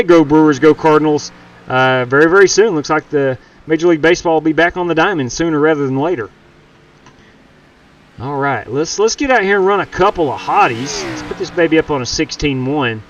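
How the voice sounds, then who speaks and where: Man, fairly high voice, casual live-stream racing chatter, talks to chat. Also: brisk, highs cut off. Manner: chatty, greets chat viewers by name.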